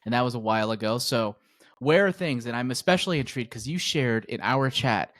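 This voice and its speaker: A man talks fast in a mid-range voice, quizzing and teasing his co-host in casual podcast chat. The recording is dry and close-miked. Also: mid-range voice, lively intonation, a bit bright, dry recording. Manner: quick, teasing interviewer.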